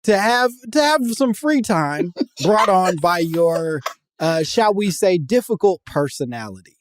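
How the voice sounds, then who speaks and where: A man hosting a podcast in casual chat, loose and joking, with bursts of loud laughter. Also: high voice, big pitch swings, unhurried, noisy background. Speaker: podcast host.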